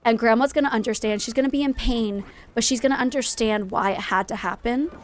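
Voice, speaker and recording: A woman's voice: a little high, fairly quick. A woman live-streaming a game in casual chat, greeting viewers and going off on playful, jokingly dramatic rants.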